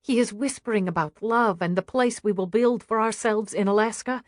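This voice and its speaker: A woman reading an audiobook in a hushed, grave first-person voice. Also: mid-range voice, moderate pace, no room sound, studio quality. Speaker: audiobook narrator. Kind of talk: scripted audiobook narration.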